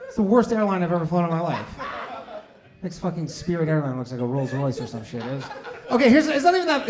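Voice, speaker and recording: A man doing a stand-up set with crowd work, sardonic and profane, ranting louder as he goes. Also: a little high. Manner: sardonic, swears, rants loudly. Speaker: stand-up comedian. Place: comedy club stage.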